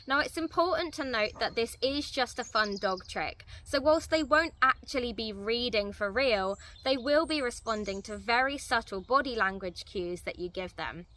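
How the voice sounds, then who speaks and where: Bright-voiced woman teaching a dog trick. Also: a little high, expressive, moderate pace, few pauses. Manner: clear, step-by-step explaining. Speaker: dog trainer. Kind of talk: instructional tutorial. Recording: distant mic, faint outdoor noise.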